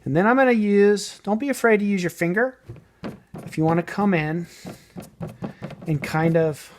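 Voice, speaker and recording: A man casually explaining a painting technique as he works, thinking aloud and sometimes trailing off softly. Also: sits high, moderate pace, a little hiss or hum. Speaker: model painting tutor. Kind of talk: casual hands-on painting tutorial.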